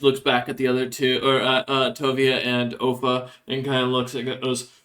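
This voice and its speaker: Casual young game master, bright and loose, lots of fillers. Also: male voice, mid-range voice, monotone, normal speed, distant mic. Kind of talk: narrating a tabletop game.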